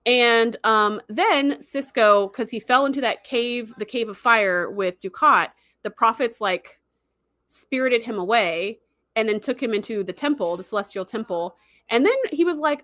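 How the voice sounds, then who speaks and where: A woman hosting a livestream, recapping a show in a chatty, animated way full of "like" and "um.". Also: fairly high pitch, a little slow, no room sound. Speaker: livestream host. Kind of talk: casual episode recap.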